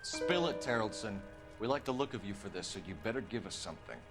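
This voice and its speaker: A brisk, blunt 1940s detective. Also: male voice, on the low side, lively intonation, over loud music. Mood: hard. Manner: clipped, blunt interrogation. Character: hard-nosed 1940s male police detective. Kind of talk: video game voice acting.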